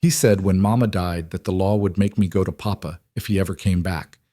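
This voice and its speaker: A man's voice: low voice, steady tone, a little fast, mellow, no room sound. A sobbing, desperate little girl speaks in a raised, strained voice, played by a man reading a storybook. Her pleading is close and dry. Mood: tearful.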